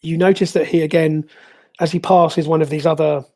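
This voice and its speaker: A game master narrating a tabletop game, pausing often with fillers and restarts. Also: medium pitch, level tone, mellow. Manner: hesitant, many fillers and restarts.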